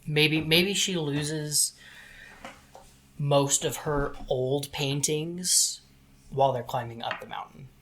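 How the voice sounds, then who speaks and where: A man's voice: on the high side, slow, a bit bright, a little hiss or hum. A man co-hosting a podcast, tentatively suggesting story ideas. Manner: tentative, offers ideas with "maybe". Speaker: podcast co-host. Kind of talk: casual brainstorming chat.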